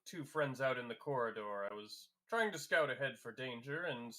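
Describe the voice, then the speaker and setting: A man's voice: mid-range voice, lively intonation, normal speed, sharp tone. A man playing in a tabletop role-playing game, speaking hesitantly with many fillers. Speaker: player.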